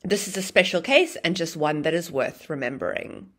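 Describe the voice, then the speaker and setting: Lively woman teaching English grammar. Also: deep voice, normal speed. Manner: explaining, acts out example phrases with exaggerated intonation. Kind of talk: grammar lesson.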